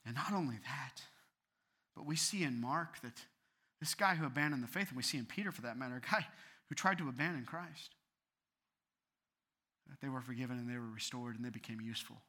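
A man's voice: medium pitch, sharp tone. A man preaching an earnest sermon as a pastor, building to fervent appeals.

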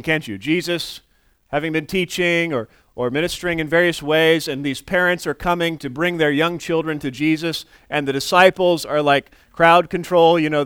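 A man's voice: a little high, a bit bright, smooth, no echo, studio quality. A man in his forties preaching a sermon in a conversational way, often restarting words and acting out quoted voices. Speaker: pastor.

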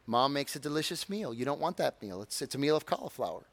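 A man preaching a sermon as pastor, conversational and animated, with humorous asides and acted-out voices of excited listeners. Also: fast talker, no echo. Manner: animated, acts out excited congregants in high shouts.

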